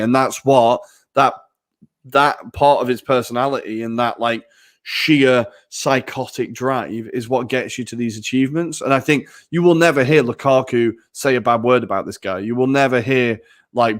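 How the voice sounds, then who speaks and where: A man co-hosting a casual football podcast, chatty and self-mocking. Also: mid-range voice. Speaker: podcast co-host.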